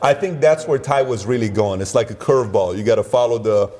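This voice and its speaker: A man's voice: medium pitch, brisk, dark tone. A man who is a guest in an interview, chatting casually and easily.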